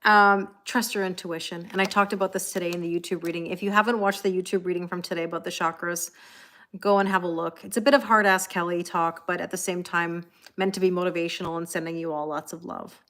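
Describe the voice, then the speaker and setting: A woman's voice: fairly low pitch, fairly even intonation, fast talker, a bit bright. A woman in her forties, a tarot reader, chatting on a live stream, laughing often and answering viewer comments.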